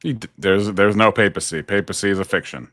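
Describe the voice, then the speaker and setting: A man with a lowish, bright, edgy voice talks as a guest on a livestream. He debates calmly and teases the host. The recording is dry and close. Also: fairly quick, no echo. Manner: calm, teasing, laughs at others. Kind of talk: casual debate chat.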